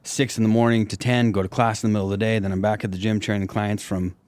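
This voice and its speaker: A man's voice: on the low side, little pitch movement, quick pace, darkish tone, no room sound. A man hosting a podcast in casual chat, laid-back and peppering his talk with "dude" and "like".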